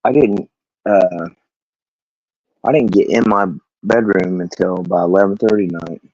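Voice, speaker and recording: A man's voice: deep voice, fairly even intonation, unhurried, a little mellow, no room sound. A man ranting about his workday to camera, rambling and swearing, laughing often. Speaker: vlogger. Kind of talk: casual rant. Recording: dull, lo-fi, dry recording.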